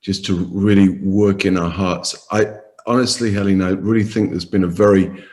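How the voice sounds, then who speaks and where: A man's voice: low-pitched, steady tone, moderate pace. A man hosting a ministry talk, thanking the speaker and moving into prayer, repeating little words as he goes. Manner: warm, encouraging, repeats "just". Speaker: ministry host. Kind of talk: sermon and prayer.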